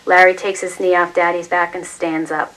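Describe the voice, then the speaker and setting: A woman reading a novel aloud at a public reading night, steady and expressive. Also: fairly low pitch, moderate pace, low-quality recording. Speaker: reader.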